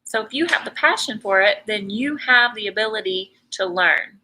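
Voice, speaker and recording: A middle-aged woman leads a live painting lesson in a bright, forceful voice. She chats easily and teases her viewers, laughing often between steps. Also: medium pitch, expressive, normal speed, slight background noise, low-quality recording. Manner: chatty, teasing, laughs often. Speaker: painting teacher. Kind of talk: live painting tutorial chat.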